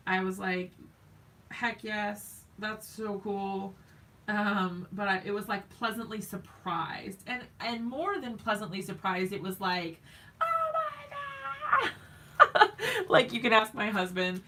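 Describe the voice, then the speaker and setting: A chatty woman hosts a live craft stream from home, giggling often and greeting viewers in the chat by name. Her voice has a crisp, bright edge with a gravelly fry underneath, and she talks at a slow, unhurried pace. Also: medium pitch, a little hiss or hum.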